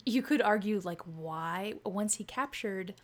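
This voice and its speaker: A woman's voice: mid-range voice, animated, measured pace. A woman co-hosting a podcast, reading a book synopsis with flair and chatting about the plot, laughing easily. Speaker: podcast co-host. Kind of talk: casual book discussion.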